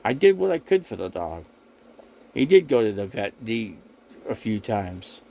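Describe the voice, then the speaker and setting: A man's voice: fairly low pitch, sing-song, measured pace, creaky, warm tone, slight background noise, low-quality recording. A man hosting a casual livestream from his RV, talking straight to his viewers in a rambling, repetitive and defensive way. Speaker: RV living livestream host. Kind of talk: casual livestream talk to chat.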